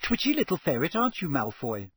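A man putting on a brisk, clever schoolgirl. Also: on the high side, expressive, husky, dry recording. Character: bright, bossy, clever schoolgirl.

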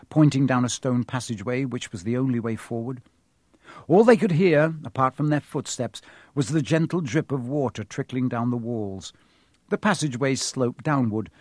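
Man, husky voice, expressive storybook reading, dry close recording. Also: medium pitch, dry recording. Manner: expressive, changes voice for each character. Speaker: narrator.

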